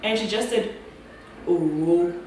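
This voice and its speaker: A woman's voice: mid-range voice, animated, measured pace. A young South African woman telling a personal story to camera, chatty and often laughing. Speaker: vlogger. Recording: echoey room with noise, far from mic.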